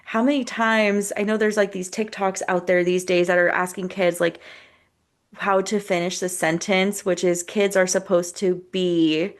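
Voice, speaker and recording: A thoughtful woman therapist co-hosts a wellness podcast in a mid-range voice. She reflects gently on childhood stories, pausing often with ums and likes as she invites listeners to look inward. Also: mid-range voice, flat delivery. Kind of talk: casual podcast chat, reflective.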